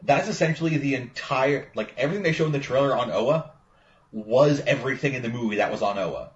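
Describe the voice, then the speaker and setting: A man's voice: mid-range voice, expressive, fairly quick. Man cohost, rambling movie rant, muffled sound, echoey room, faint hiss. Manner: rambling, profane, lots of "like". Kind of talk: casual movie chat. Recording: roomy, muffled recording with faint ambience.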